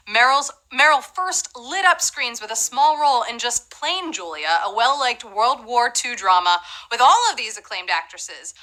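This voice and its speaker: A woman's voice: high voice, pushed and bright, low-quality recording. A woman hosting a live trivia game show, chatty and playful, with asides to the players.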